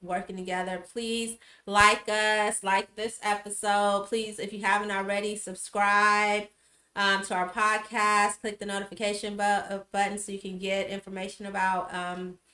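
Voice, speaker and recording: A woman's voice: mid-range voice, level tone, a little slow, echoey room. A woman hosting a casual livestream, greeting viewers by name with many fillers. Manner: warm shout-outs to viewers, many fillers. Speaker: livestream host.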